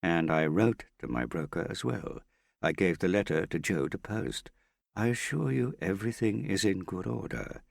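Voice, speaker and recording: A man playing a calm, evasive male schemer who deflects accusations patiently. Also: deep voice, a little slow, gravelly, dry recording, studio quality, full character voice. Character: smooth evasive middle-aged male schemer.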